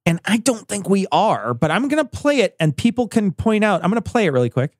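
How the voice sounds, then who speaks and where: A man hosting a podcast in casual chat, animated, swearing and laughing often. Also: high voice, fairly quick, no echo, clean studio sound. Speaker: podcast host.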